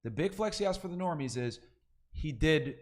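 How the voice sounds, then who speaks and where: A man's voice: a little high, expressive, normal speed. A man on a livestream, ranting bluntly and mockingly in casual talk. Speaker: guest on a livestream.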